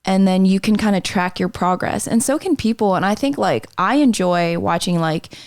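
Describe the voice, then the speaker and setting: A woman's voice: medium pitch, animated, normal speed, no room sound, studio quality. A woman chatting as a podcast guest. She is a chatty storyteller who slips into voices when she quotes people. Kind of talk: casual chat.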